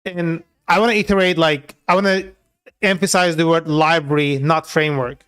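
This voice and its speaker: A man's voice: fairly high pitch, fairly even intonation, moderate pace, a bit bright, smooth. A man talking loosely through a live coding session, with many filler words and casual swearing. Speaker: software developer streaming his coding work.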